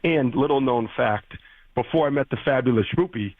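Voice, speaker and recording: A man's voice: medium pitch, moderate pace, no room sound. Teasing Boston man on a muffled line. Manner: playful, teasing, laughs often. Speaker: radio correspondent calling in. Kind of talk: casual radio chat. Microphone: phone line.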